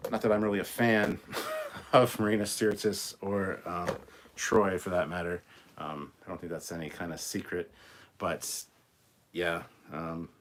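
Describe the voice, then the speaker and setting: A British man hosting a casual livestream reaction, excited and rambling, with frequent ums and laughs. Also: low-pitched. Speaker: livestream host.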